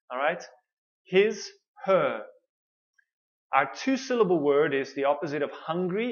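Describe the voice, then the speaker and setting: A man teaching English pronunciation, modelling words slowly and repeating each one with exaggerated mouth shapes. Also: on the high side, animated, lo-fi sound. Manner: slow, drawn-out modelling of words with many repeats. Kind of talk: pronunciation lesson.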